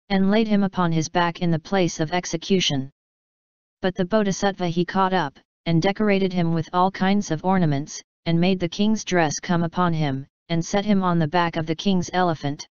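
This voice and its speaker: A woman reading an old folk tale aloud in a measured, steady storytelling style. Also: lowish voice, clean tone, no echo, muffled recording. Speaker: narrator. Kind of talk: scripted storybook narration.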